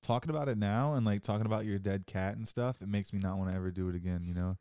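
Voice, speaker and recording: A man's voice: lowish voice, fast, warm tone, clean tone, no echo, clean studio sound. A man hosting a podcast in casual chat, joking, laughing often and riffing on his guest's stories. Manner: jokey, laughs often, riffs on the guest's story. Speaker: podcast host.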